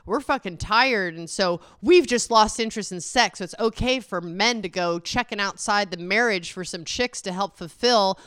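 A woman's voice: medium pitch, moderate pace, few pauses, a bit bright, clean tone, no echo. A woman co-hosting a podcast, teasing her husband bluntly and swearing freely as they argue on a close mic. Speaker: podcast co-host. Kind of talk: casual couple chat.

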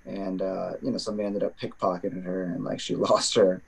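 Husky-voiced man, teasing casual chat. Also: little pitch movement, fairly quick. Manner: teasing, filler-heavy, jumps high in pitch when surprised.

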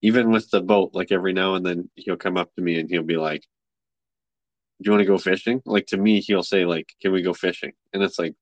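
A young man hosting a podcast in a relaxed, casual way, filling his talk with likes and you knows. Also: low voice, fairly quick, no echo, lo-fi sound. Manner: relaxed, many fillers, affirming. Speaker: podcast host. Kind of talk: casual chat.

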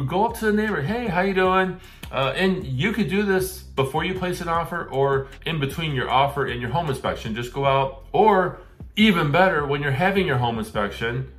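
A man's voice: mid-range voice, fairly bright tone. A middle-aged man hosting a real estate advice show, talking casually and acting out the questions he would put to a seller. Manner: conversational, acts out questions to sellers.

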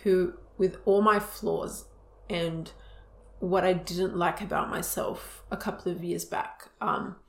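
A woman's voice: on the low side, steady tone, slow pace. A young adult woman co-hosting a podcast, talking earnestly and openly in casual chat, with lots of "like" fillers. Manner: earnest and open, many "like" fillers. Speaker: podcast co-host. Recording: roomy echo.

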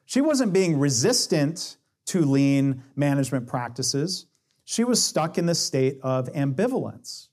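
Guy teaching in a chatty way, voice a bit on the high side, acts out little quotes. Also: very animated, unhurried, darkish tone. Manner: explains with acted-out dialogue quotes, shifting pace. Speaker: speaker on coaching and lean management. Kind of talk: conversational talk with quoted examples.

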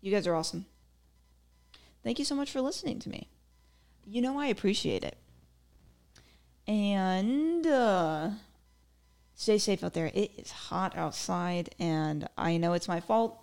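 A woman's voice: lowish voice, animated, normal speed, vocal fry, long pauses, darkish tone. A young woman hosting her own podcast, talking casually and playfully, joking about herself. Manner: chatty, playful, self-mocking jokes. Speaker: podcast host. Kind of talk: casual solo podcast talk.

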